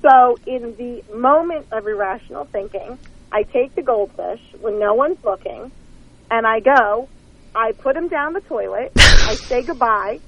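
A woman's voice: a little high, animated, measured pace, fairly bright tone, slightly rough, dull audio. A woman author calling in as a guest, telling stories candidly with self-mocking humor and frequent laughter. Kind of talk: phone-in interview, casual storytelling. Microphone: phone line.

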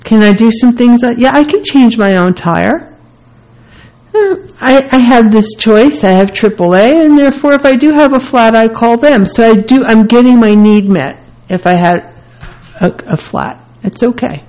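A woman's voice: on the high side, animated, normal speed, darkish tone, rough recording. Earnest woman radio host. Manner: earnest, candid, speaks in short repeated phrases. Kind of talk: self-help radio talk.

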